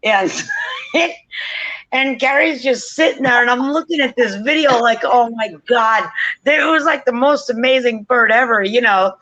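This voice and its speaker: A woman's voice: fairly high pitch, normal speed, sharp tone, muffled recording. A woman telling a casual story, chatty and swearing freely, often laughing. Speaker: forum regular.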